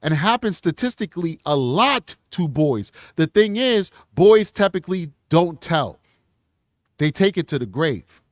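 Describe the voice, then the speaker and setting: A man's voice: fairly high pitch, sing-song, measured pace, no echo. Male true crime live-show host, earnest, emotional, repeats and restarts, dry close mic. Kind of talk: live stream sign-off and channel pitch.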